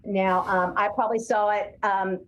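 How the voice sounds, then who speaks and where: A woman in her sixties, a speech-language pathologist, explaining in a podcast interview as an animated storyteller who acts out voices. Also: mid-range voice, normal speed, a little hiss or hum. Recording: roomy echo.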